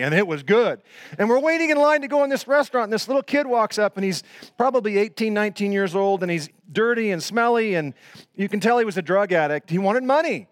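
A man in his sixties preaching a sermon, swinging from loud, excited storytelling to hushed, almost whispered moments, with casual slangy asides. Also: high voice, quick pace. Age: 60s. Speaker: pastor.

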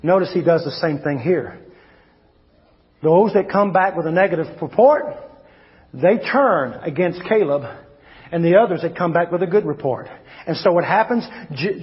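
A male pastor preaching a sermon, swinging between loud emphatic shouts and low quiet asides. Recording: long hall reverb, dull lo-fi sound.

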